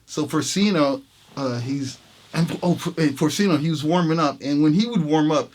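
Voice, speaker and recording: A jazz trumpet player telling a story in an interview, laughing often and acting out the lines of the people in it. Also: male voice, fairly high pitch, moderate pace, darkish tone. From New York City. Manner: laughing, reenacts quotes with voices.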